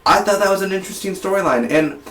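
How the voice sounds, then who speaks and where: An eighteen-year-old man from South Texas, reviewing a movie in an energetic, rambling way with many restarts. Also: high-pitched, fast, far from the mic, a little hiss or hum. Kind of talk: casual movie review vlog. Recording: roomy, voice set back from the mic.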